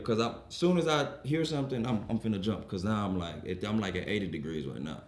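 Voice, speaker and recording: This young male podcast co-host is an animated, profane storyteller who acts out each person in his casual tale. He talks fast with few pauses in a medium-pitched voice. There's a little hiss or hum on the recording.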